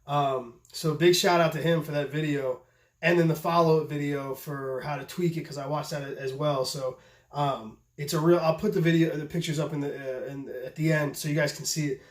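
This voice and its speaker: A man's voice: a little high, steady tone, normal speed. A man talking casually and profanely about knife tests, stammering often and sounding a little tipsy from shots. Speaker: knife tester and maker. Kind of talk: casual vlog talk. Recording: echoey room.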